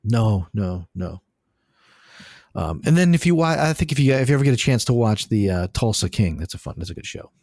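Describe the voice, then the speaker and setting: A man co-hosting a casual podcast, talking in a rambling, animated, profane way. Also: fairly low pitch, fairly quick, dry recording, clean studio sound. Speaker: podcast co-host.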